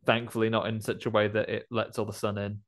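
A man's voice: on the low side, completely flat delivery, quick pace. A man chatting casually about a film, jokily acting out the characters' lines. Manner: jokey, playfully acts out film characters' lines.

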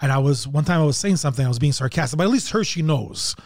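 A comedian from Montreal chatting casually as a podcast guest, swearing a lot and rambling through stories with plenty of fillers. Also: male voice, on the high side, lively intonation, rapid-fire, darkish tone. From Montreal, Canada. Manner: profane, rambling storytelling with many fillers.

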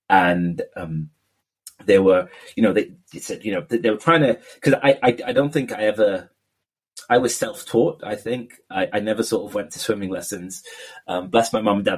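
A man's voice: lowish voice, husky. A man from Abu Dhabi hosting a casual podcast chat, talkative and self-deprecating, often restarting his sentences. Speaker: podcast host.

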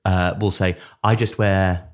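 A man co-hosting a casual comedy podcast, deadpan with rambling asides. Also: low-pitched, unhurried. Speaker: podcast co-host.

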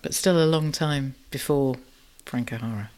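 A woman co-hosting a podcast, talking reflectively in a warm, thoughtful way and often ending points with a tag question. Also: a bass voice, normal speed. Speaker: podcast co-host. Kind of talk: reflective conversational discussion.

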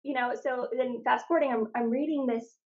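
A woman's voice: on the high side, brisk. Chatty woman guest, slightly muffled audio. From Phoenix, Arizona. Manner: animated storyteller, lots of "like" and restarts. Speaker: podcast guest. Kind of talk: casual faith podcast conversation.

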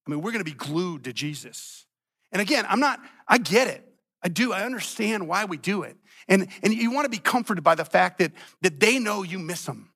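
A male pastor preaching a sermon, emphatic and repetitive, swinging between loud and quiet passages. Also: sits high, lively intonation, a little fast.

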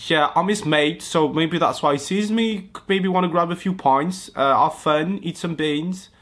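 A man's voice: on the high side, a little slow, fairly bright tone, voice pushed up. A man voicing a cocky young male werewolf, putting on an exaggerated British banter voice.

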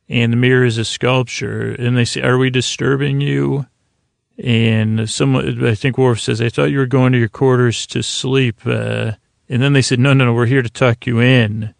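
A man's voice: medium pitch, vocal fry, no echo. A man hosting a sleep podcast, casually recapping a TV episode in a meandering, earnest way. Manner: meandering, many restarts and fillers, quietly earnest.

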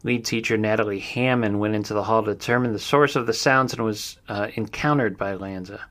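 Low-voiced man recapping true crime. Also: a little fast. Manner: somber, steady with frequent fillers and asides. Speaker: podcast host.

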